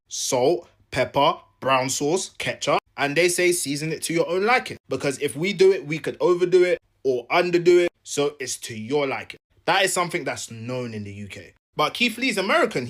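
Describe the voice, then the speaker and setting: A man telling a comic story in an animated, jokey way, acting out each side. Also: fairly high pitch. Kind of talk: comedic storytelling.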